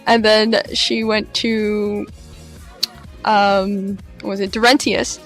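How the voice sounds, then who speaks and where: A woman vlogger tells a story in a lively, dramatic way, speaking casually to her viewers. Her voice sits at a middle pitch. Faint music plays quietly behind her. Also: slow pace. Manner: animated, dramatic retelling with laughs. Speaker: LARP vlogger.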